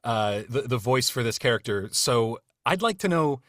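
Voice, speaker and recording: A man's voice: medium pitch, expressive, moderate pace, fairly bright tone, no room sound, studio quality. A man leading a casual podcast chat among voice actors, friendly and rambling with many fillers and restarts. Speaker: cast member leading a retrospective discussion.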